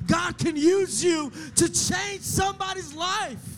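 A man preaching a sermon as a youth pastor, fervent and casual, repeating phrases and swinging between hushed pleading and shouting. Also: extremely high pitch, slow. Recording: music playing under the voice.

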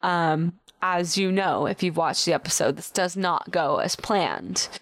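A woman's voice: fairly low pitch, no room sound, studio quality. Chatty young woman podcast co-host. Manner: chatty, laughs often, quick asides. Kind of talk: casual chat.

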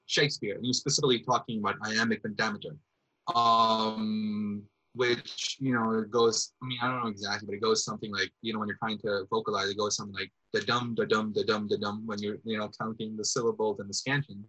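A man's voice: fairly low pitch, level tone, fast talker, pushed and bright, slightly rough, poor audio. A man, a theatre artist, talking reflectively as a guest, rambling thoughtfully with lots of fillers. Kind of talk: reflective casual conversation.

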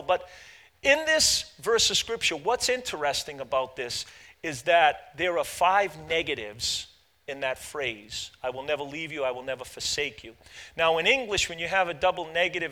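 A middle-aged male pastor preaching a sermon, with many fillers and repeated words, building from halting explanation to loud, fervent preaching. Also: fairly high pitch.

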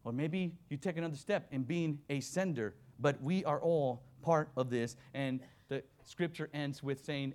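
A man delivers a sermon from the pulpit in a fairly high voice. He moves from fervent, rising calls to action to quiet, hushed readings of scripture. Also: a little slow, hardly any pauses. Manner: impassioned, swings between loud exhortation and hushed reading. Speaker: guest preacher, missions worker.

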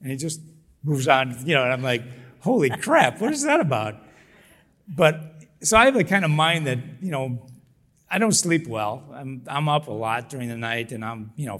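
A man's voice: mid-range voice, normal speed. Middle-aged guy telling a founder story in an interview, laughs a lot, acts stuff out. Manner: animated, laughs often, acts out quotes. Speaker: business founder guest.

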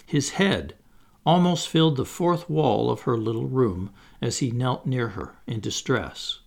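A man narrating a children's storybook with an expressive, dramatic delivery that slows for suspense. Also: mid-range voice, creaky. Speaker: audiobook reader.

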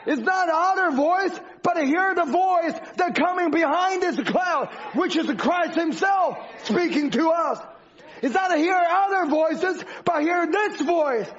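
A man's voice: very high voice, unhurried, fairly bright tone. A man preaching a sermon with an emphatic, repetitive cadence. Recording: dull lo-fi recording.

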